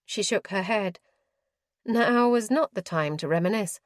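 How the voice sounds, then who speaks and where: A woman narrating a historical romance audiobook in a measured, expressive storytelling manner. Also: fairly low pitch, dry recording, studio quality. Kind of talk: scripted narration.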